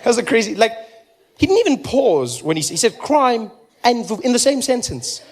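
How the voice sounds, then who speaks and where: South african guy doing standup, highish voice, lively storytelling, shouts into high voices when he quotes people. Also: normal speed. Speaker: stand-up comedian. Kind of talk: stand-up comedy set.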